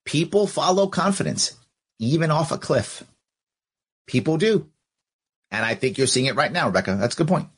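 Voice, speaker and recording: A man's voice: on the high side, animated, normal speed, pauses often, slightly rough. A man hosting a podcast, arguing his view with rhetorical questions and acting out both sides of an exchange as he reads out listener comments. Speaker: podcast host.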